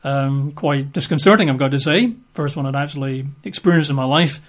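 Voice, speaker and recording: A man's voice: medium pitch, brisk. A middle-aged man teaching from the Bible in a chatty, hesitant way, full of fillers. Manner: chatty and hesitant, many fillers and 'sort of'. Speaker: preacher.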